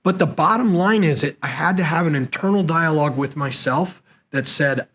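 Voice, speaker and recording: Fairly high-voiced man telling leadership stories. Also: moderate pace, poor audio. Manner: animated storyteller who acts out quoted dialogue. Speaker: podcast guest and former SEAL leader. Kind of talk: conversational interview storytelling. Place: conference venue.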